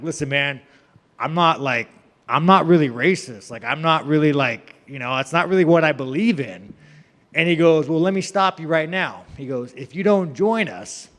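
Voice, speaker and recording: A man's voice: on the high side, fairly bright tone, long reverb tail. A young man telling a story in a rambling, profane, casual way, with laughing asides.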